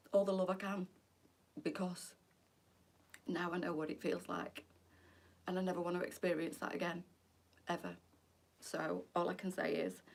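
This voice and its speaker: A middle-aged woman hosts a live boutique shopping stream, chatty and emotional, near tears as she addresses her viewers as "girls." Her voice is lowish and gravelly, caught on a distant mic.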